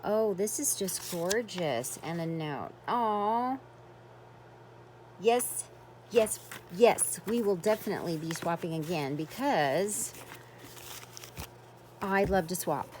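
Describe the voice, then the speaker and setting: A woman's voice: lowish voice, expressive, slow pace, long pauses, a little mellow, slight background noise. A woman vlogging as she unboxes a craft swap, gushing with effusive exclamations in casual chat.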